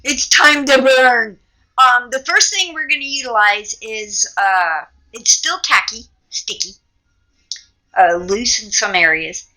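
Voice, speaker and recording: A middle-aged woman hosting a casual art demo, excitable and swearing freely as she works, in her home studio. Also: on the high side, a little slow, rough recording. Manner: excitable, swearing, gasps and laughs at the results. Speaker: art tutorial host. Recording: loud heat gun noise behind.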